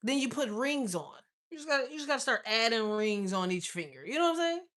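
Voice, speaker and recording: A woman chatting casually with viewers as a tarot reader, telling stories in a blunt, profane, animated way. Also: a little high, fast talker. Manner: blunt, profane, animated storytelling with frequent laughs. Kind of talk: casual live-stream chat.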